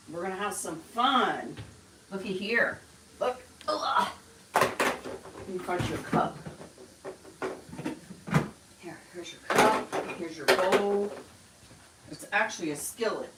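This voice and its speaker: A woman's voice: fairly low pitch, animated, slow pace, long pauses, very noisy. A woman hosting a casual live stream, chatting with viewers and coaxing her pet bird in a fond, playful way. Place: at home. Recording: roomy, distant mic, faint running water.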